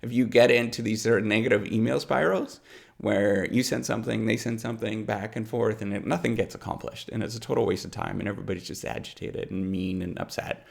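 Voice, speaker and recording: A man's voice: lowish voice, fairly even intonation, a little fast, gravelly. A middle-aged man, a professor, giving rambling unscripted advice with lots of fillers and repeated words. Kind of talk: unscripted advice talk to camera.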